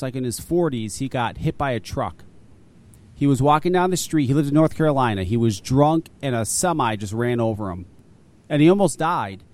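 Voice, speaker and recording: A man hosting a casual talk radio show, telling stories with lots of swearing and laughter. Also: mid-range voice. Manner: animated storyteller, swears a lot, laughs often. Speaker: host.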